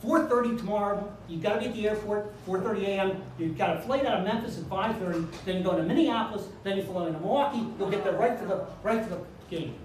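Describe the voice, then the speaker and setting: A man doing a brisk take-charge wife. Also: high-pitched, background noise, natural voice. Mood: commanding. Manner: brisk, rapid-fire instructions. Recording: echoey room, mic far off.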